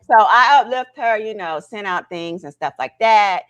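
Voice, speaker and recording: A woman's voice: mid-range voice, moderate pace, smooth, highs cut off. A woman hosting a casual livestream, talking straight to her viewers and tagging her points with "right?" and "okay?". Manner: animated, talks to chat viewers directly; frequent "right?" and "okay?" tags. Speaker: livestream host.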